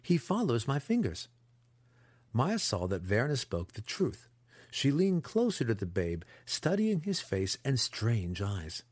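A man narrating a fantasy audiobook in an expressive, dramatic storytelling style on a close mic. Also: fairly low pitch, unhurried, slightly rough, no room sound.

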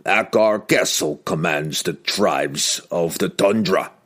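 A man's voice: deep voice, slow, a bit bright, exaggerated voice. A man doing a spellbound barbarian king. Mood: entranced. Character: proud male barbarian king under mind control.

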